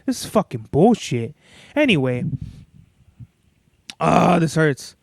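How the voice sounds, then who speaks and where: A man's voice: fairly high pitch, very animated, slow pace, creaky, no echo, clean studio sound. A young man hosting a solo podcast, telling rambling stories in a laid-back, profanity-heavy way. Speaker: podcast host. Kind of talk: casual solo podcast monologue.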